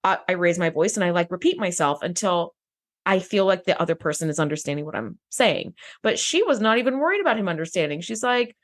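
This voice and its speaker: A woman co-hosting a podcast in casual chat, animated and swearing freely as she acts out quotes. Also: lowish voice, quick pace. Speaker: podcast co-host.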